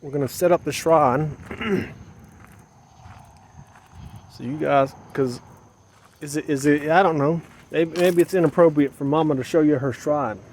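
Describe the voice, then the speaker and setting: A man's voice: a little high, measured pace, pauses often, a little mellow, slight background noise. A man talking to the camera as a mother, rambling to himself and repeating his phrases, outdoors at dusk while he sets up solar gear. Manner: repeats phrases, muttering and then rising into agitated outbursts. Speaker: vlogger in a mother persona. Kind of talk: rambling self-talk monologue.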